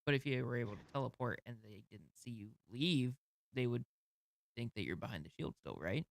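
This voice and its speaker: A man's voice: medium pitch, expressive, brisk, vocal fry, no echo. A man on a podcast, reasoning aloud about a game ruling with dry humor. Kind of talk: casual chat about tabletop gaming.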